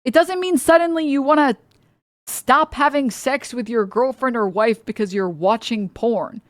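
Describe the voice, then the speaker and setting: A woman's voice: fairly high pitch, normal speed, no echo. A woman streamer giving reaction commentary, ranting with incredulous, profane remarks.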